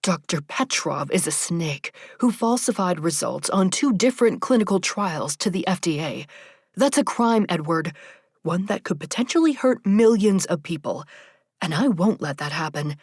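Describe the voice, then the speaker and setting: A woman's voice: fairly low pitch, animated, normal speed, husky, dry recording, clean studio sound. A woman voicing a principled woman physician who pleads in an emphatic, rising way. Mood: indignant.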